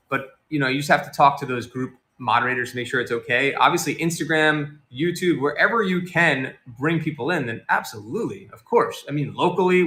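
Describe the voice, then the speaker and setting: A man's voice: a little high, sharp tone. A man hosting a casual livestream, chatting loosely and reading out and answering viewer comments. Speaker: livestream host.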